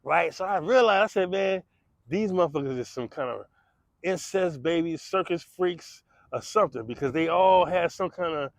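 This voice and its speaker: A man's voice: on the high side, lively intonation, normal speed, gravelly, no room sound. A man telling a true story in casual street style, slangy and profane, acting out gunshots and the voices of others.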